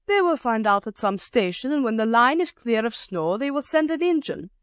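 A woman reader puts on an unflappable peasant woman in a storybook, pitched brighter and higher than the narration. She sounds calm and matter-of-fact, stretching her words as she haggles. The recording is dry and close. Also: normal speed, smooth, no echo. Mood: calm, shrewd.

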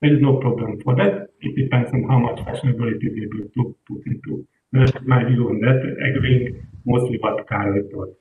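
A man speaking as a panelist in an online roundtable, halting and searching for words. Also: medium pitch, steady tone, noisy background. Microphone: video call. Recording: tinny distant call audio in an echoey room.

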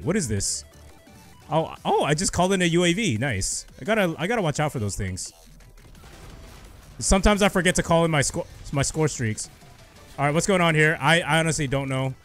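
A young man giving excited live commentary over his own gameplay, shouting and cheering when he gets kills. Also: a little high. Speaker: gaming youtuber.

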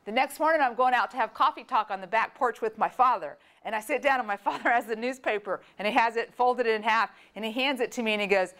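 A woman from Florida giving a storytelling talk, animated and acting out the voices of people in her story. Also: fairly high pitch, fast, few pauses. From Florida, USA. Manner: animated, acts out quoted voices. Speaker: speaker.

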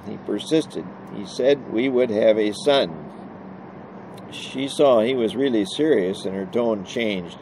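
Low, mellow man reading a novel. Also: fairly even intonation, a little slow, slight background noise, rough recording. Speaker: audiobook narrator.

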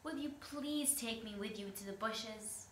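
A greedy little spider, as a woman puts him on, his voice lifted a touch higher and coaxing or begging by turns. The tone is bright and sharp, and the room gives back a clear echo with a faint hiss underneath. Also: a little slow. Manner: coaxing, then begging loudly. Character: greedy male spider, sweet-talking then pleading.

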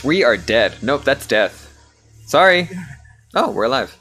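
A man's voice: medium pitch, very animated, a little slow, sharp tone, soft background music. Sarcastic, swearing young man gaming. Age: young adult. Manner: profane, sarcastic running commentary. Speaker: gamer. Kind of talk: let's play commentary.

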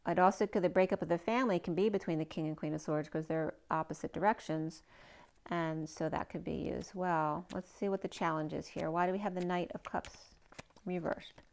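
A woman reading tarot cards aloud in a casual way, thinking out loud and asking the cards questions as she goes, her voice a little hoarse. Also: fairly low pitch, steady tone, a little fast. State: a bit hoarse, losing her voice. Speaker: tarot card reader.

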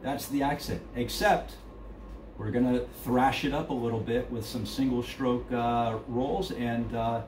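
A man's voice: medium pitch, steady tone, measured pace, darkish tone. A middle-aged man giving a casual drum lesson, talking loosely with many fillers and counting beats aloud. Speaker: drum instructor. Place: drum studio. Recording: echoey room, distant mic, noisy.

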